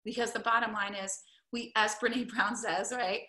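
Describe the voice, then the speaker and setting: A female wellness coach talks casually to camera in an upbeat teaching style, peppering her speech with "like" and "right?". Her voice is fairly high, bright and forceful, with a steady tone and moderate pace. The room she's in is echoey.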